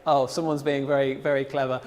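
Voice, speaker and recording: A man's voice: mid-range voice, flat delivery, fast, crowd noise. Upbeat male host, reverberant sound. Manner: upbeat, chatty, many fillers. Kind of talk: live event hosting.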